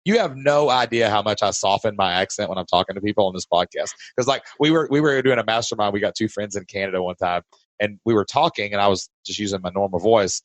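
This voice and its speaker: A low-voiced man with a Southern Kentucky accent coaches on a podcast, emphatic and energetic. His voice sits close and dry, with no room around it. He challenges the listener again and again. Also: fast, dry recording. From Southern United States. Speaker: podcast host and business coach. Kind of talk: casual coaching chat.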